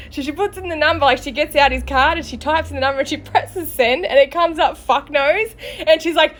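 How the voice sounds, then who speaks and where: A woman's voice: high voice, lively intonation, fairly quick, a bit bright. A young woman telling a funny story in casual chat, chatty, swearing freely, laughing often and acting out other people's lines. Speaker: storyteller on a live show.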